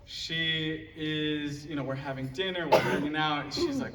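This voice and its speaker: A man's voice: fairly high pitch, unhurried. A young man giving a roast speech about his father at a live event, telling jokes and stories and laughing along with the audience. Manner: joking storytelling, laughing at his own lines. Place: large hall at a live event. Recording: echoey hall from far off, noisy.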